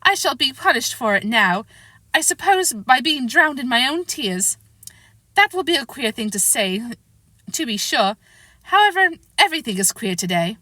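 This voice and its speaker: A woman's voice: sits high, very animated, moderate pace, pushed and bright, no room sound, voice pushed up, full character voice. Alice, a woman doing a prim English girl. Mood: musing. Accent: put-on English. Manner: prim, earnest, fretful. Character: polite curious little English girl Alice.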